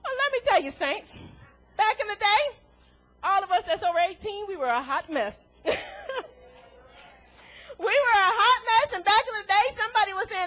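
A woman delivers a sermon in a very high voice. She preaches in an animated way, laughs often and acts out the voices she quotes. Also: normal speed, poor audio.

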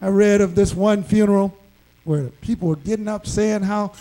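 Slow, gravelly, high-pitched preaching man. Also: poor audio. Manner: emphatic, shouting key lines, slow deliberate delivery. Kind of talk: sermon.

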